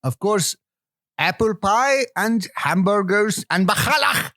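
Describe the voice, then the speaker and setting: A man's voice: medium pitch, moderate pace, no echo, clean studio sound, lightly acted. A man doing a shady scam caller with a wandering accent. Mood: scheming. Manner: overly eager, wobbly put-on accent. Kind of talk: improvised comedy bit.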